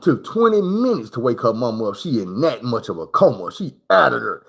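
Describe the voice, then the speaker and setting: A man's voice: mid-range voice, very animated, a little fast, creaky, fairly bright tone, breathy edge. A man telling a rambling, slangy personal story on a livestream, full of swearing and acted-out moments.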